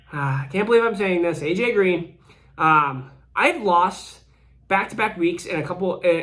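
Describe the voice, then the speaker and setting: A man's voice: high voice, a bit bright. A man in his thirties, a channel host, giving casual solo fantasy football commentary while out of breath from recovering, rambling with many restarts. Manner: rambling, frequent restarts and fillers.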